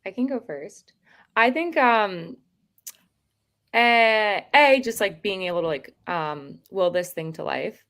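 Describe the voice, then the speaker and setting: A woman's voice: mid-range voice, expressive, takes it slowly, a bit bright. A woman organizing an event, talking casually with many fillers on a podcast. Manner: chatty, lots of fillers.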